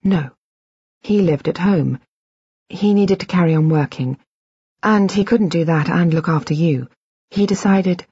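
Calm male doctor, read by a woman. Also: on the low side, unhurried, breathy edge, dry recording, dull audio, heavily acted. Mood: matter-of-fact.

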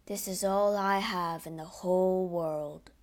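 A woman's voice: lowish voice, fairly even intonation, a little slow, close to an everyday voice. A woman voicing a shipwrecked male castaway, quoting him plainly in a storybook reading. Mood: worried.

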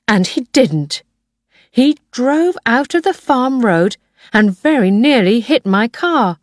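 A woman narrating an audiobook in a slow, clear, measured reading. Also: fairly high pitch, very animated, no echo, clean studio sound.

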